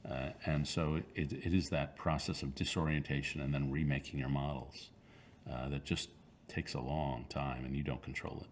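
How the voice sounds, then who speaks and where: A man in his sixties with an extremely low, rumbling voice speaks in an interview. He answers thoughtfully, pausing and restarting his sentences as he works through his ideas. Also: flat delivery, a little hiss or hum. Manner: thoughtful, halting, with frequent fillers and restarts. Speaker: author being interviewed.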